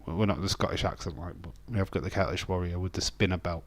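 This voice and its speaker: A man's voice: deep voice, fairly even intonation, fast, no echo. A man hosts a casual wrestling watch-along stream, joking with his chat, reading viewer comments aloud and laughing often. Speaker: livestream host.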